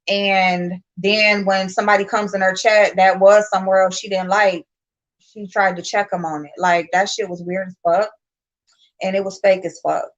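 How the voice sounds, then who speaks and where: A woman hosting a livestream, telling a story in blunt, profane, animated casual talk. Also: mid-range voice. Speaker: livestream host. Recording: muffled lo-fi stream audio.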